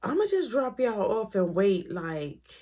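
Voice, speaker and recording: A woman's voice: mid-range voice, very animated, unhurried, mellow, slightly rough, voice pushed up. A woman voicing a female friend who drives the group and lays down practical rules. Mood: matter-of-fact.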